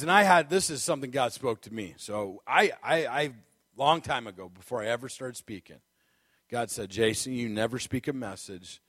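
Guest preacher, male, lively storyteller with a comic streak, dry close sound. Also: medium pitch, no echo. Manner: animated storyteller, laughs often, acts out moments. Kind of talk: sermon with a comic personal story.

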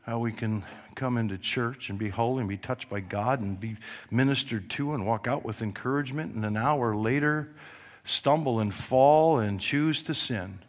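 Speaking at normal speed in a mid-range voice, a middle-aged man preaches as pastor. He narrates the sermon's story animatedly, moving from booming to quiet and voicing the characters himself.

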